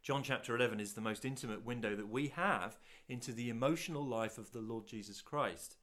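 Speaking to viewers watching on video, a mid-range-voiced preacher poses rhetorical questions throughout his sermon. His delivery rises to loud peaks and falls back into quiet, slow lines.

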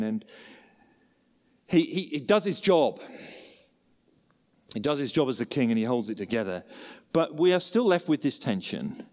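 Guy preaching a sermon, lots of rhetorical questions, big hall echo. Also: a little high. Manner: expressive, rises and falls for emphasis, rhetorical questions. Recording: long hall reverb.

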